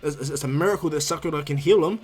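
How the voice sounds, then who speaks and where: A man's voice: on the high side, racing, husky. A man casually narrating a fan what-if story, rambling with frequent restarts.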